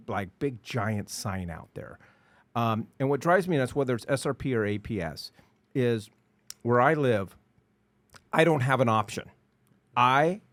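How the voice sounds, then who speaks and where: A man's voice: mid-range voice, no room sound. Ranting man on a dry, close mic. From Arizona, United States. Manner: animated ranting, mocking voices. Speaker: podcast co-host. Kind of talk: casual podcast discussion.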